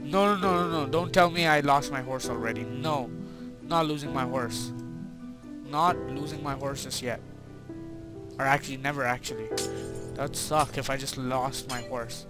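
Excitable young guy narrating his gameplay. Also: mid-range voice, normal speed, long pauses, over music. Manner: excitable, talks to himself and his horse, frequent mild swearing. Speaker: gaming video creator. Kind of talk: gameplay commentary.

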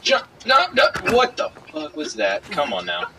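A man's voice: a little high, wildly swooping pitch, moderate pace. A man trading dry, teasing remarks while playing a video game with a friend. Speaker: gaming commentator. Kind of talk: let's play commentary. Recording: distant mic with faint noise.

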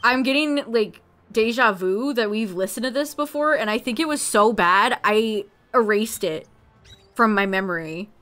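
A woman's voice: a little high, moderate pace, fairly bright tone, faint music behind. A woman streaming to her chat, laughing and teasing as she repeats words in mock disbelief. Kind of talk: casual live-stream chat.

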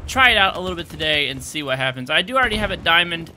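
A young man commentating his video game play, out of breath, excitable and yelling at big moments. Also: a little high, rapid-fire, slight background noise. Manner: excitable, shouts at big plays, self-mocking. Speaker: gaming YouTuber. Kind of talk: gameplay commentary. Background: game gunfire and explosions.

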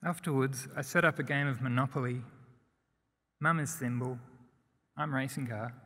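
A man reading a first-person story aloud in a plain, steady way. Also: mid-range voice, normal speed. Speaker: narrator. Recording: long hall reverb.

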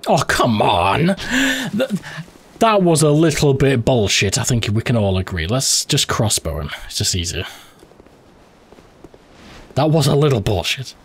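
A husky man hosting a let's play, swearing and reacting as he plays. His voice swings widely up and down as he talks his choices through aloud. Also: mid-range voice, big pitch swings, normal speed, pauses often. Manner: profane, reactive, thinking aloud. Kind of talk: live gameplay commentary.

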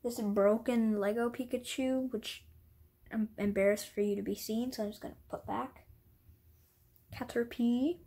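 Woman vlogger, breathy and a bit high-pitched, self-deprecating, casual show-and-tell at home with the odd whisper. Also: steady tone, a little slow, warm tone. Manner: rambling, apologetic, self-deprecating; drops into whispers at times.

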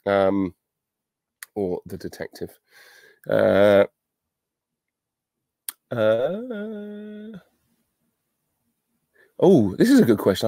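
A man's voice: medium pitch, darkish tone, dry recording, studio quality. A middle-aged man, an actor, answering fan questions on a virtual panel, chatty and self-deprecating, thinking aloud as he goes.

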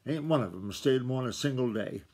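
A hearty, kindly country woman who speaks in plain folksy dialect, as a father reading a book aloud voices her. The voice stays at a middle pitch, close to his own. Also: animated, fairly quick, darkish tone, natural voice.

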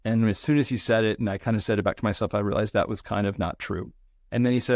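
A man's voice: on the low side, steady tone, fast talker, a little mellow, dry recording, studio quality. A middle-aged man, a business consultant guest on an interview podcast, earnestly and reflectively recounting lessons in short, building phrases. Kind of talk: conversational interview storytelling.

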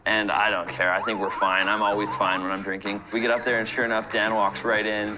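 A man's voice: fairly low pitch, level tone, a little fast, hardly any pauses. Man narrating a comic party story. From Canada. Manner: breezy, self-mocking storytelling. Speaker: comedian. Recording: narration over background music. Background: music.

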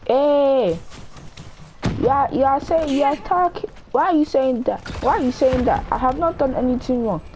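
A woman's voice: high voice, fairly quick, few pauses, a little mellow, soft background music. A woman with a Nigerian accent trash-talking in game voice chat, scolding and repeating herself. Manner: scolding, repetitive, threatening to slap. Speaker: gamer in voice chat.

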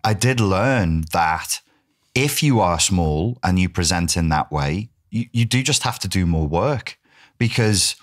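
A middle-aged man with a Wirral accent, telling animated stories as a podcast guest and swearing freely. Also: sits low, measured pace. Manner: animated, swears, does voices for others. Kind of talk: casual storytelling interview.

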